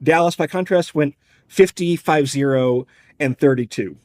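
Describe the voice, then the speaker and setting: A man with a somewhat raised pitch talks through betting odds and team records in an analytical, wry podcast manner. He moves from number to number with a conversational, explanatory flow. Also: normal speed, a little mellow. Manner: wry, explanatory, numbers-heavy, drops casual profanity. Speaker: podcast co-host.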